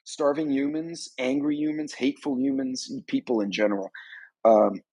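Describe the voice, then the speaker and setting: A man's voice: medium pitch, normal speed, a little mellow, slightly rough, no room sound, low-quality recording. A man hosting a live stream on a preparedness channel, giving rambling, conversational commentary on current events.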